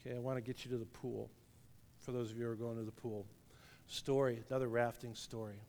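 A middle-aged man preaching a sermon, telling a lively story and laughing at his own tale. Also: medium pitch, quick pace. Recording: long reverb of a large hall.

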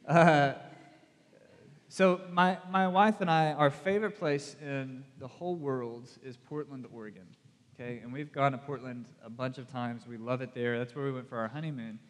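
A man's voice: medium pitch, steady tone, normal speed. A man with a Southern US accent giving a casual, conversational sermon as pastor. He speaks in a chatty, self-deprecating way and puts direct questions to his audience. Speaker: youth pastor. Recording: long reverb from a hall.

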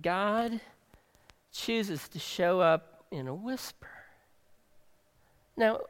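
Male pastor, sermon delivery; slow, dramatic, loud-to-hushed swings, recorded in a reverberant hall. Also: high voice, expressive, smooth. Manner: dramatic, swings between loud emphasis and soft near-whispers.

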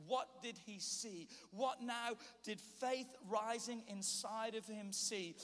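A man preaching a sermon, telling a scripture story and acting out its scenes with animated voices. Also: high-pitched, measured pace. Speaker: pastor. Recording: long hall reverb.

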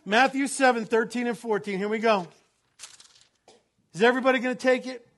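A man pastor preaching a sermon to a congregation. He swings from loud, laughing bursts to low, solemn scripture reading. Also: fairly quick.

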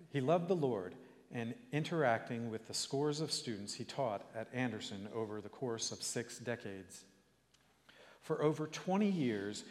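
A male preacher giving a sermon in a church, telling stories in an earnest, measured way and building to rising calls to his listeners. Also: medium pitch, in a large hall.

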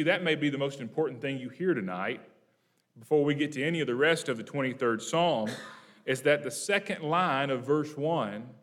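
Conversational male preacher teaching a psalm. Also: medium pitch. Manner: conversational, asks the congregation questions; reads scripture slowly and emphatically. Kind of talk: evening Bible teaching.

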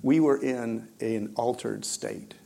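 A man preaching and telling his own story, swinging between hushed moments and loud, excited bursts. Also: medium pitch, slow, creaky. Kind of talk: testimony storytelling in a sermon.

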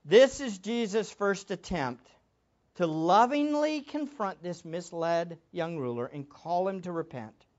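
A man's voice: high-pitched, animated, measured pace, lo-fi sound. A man preaching a sermon as a pastor, emphatic, with much repetition for stress.

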